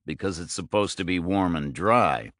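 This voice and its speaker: A man's voice: low voice, expressive, moderate pace, a bit bright, no echo. A man voicing a laconic ex-military police drifter in an audiobook, terse and dry. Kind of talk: audiobook character voice.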